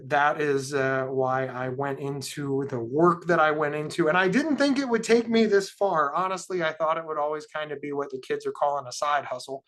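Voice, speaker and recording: A middle-aged man from Ohio giving a personal talk as a guest speaker, animated, with many repeated starts. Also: on the high side. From Ohio, USA. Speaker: guest speaker, mental health advocate.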